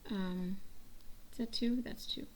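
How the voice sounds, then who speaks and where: A woman's voice: fairly even intonation, slow pace, darkish tone. A woman vlogger chatting casually while she crafts, rambling and laughing often. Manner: acts out family quotes in a high voice. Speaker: diamond painting vlogger.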